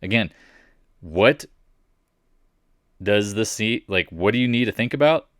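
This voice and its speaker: A man's voice: on the low side, expressive, measured pace, fairly bright tone, dry recording, studio quality. A man walking through stock charts in casual commentary, blunt and mocking, firing off rhetorical questions. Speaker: market commentator.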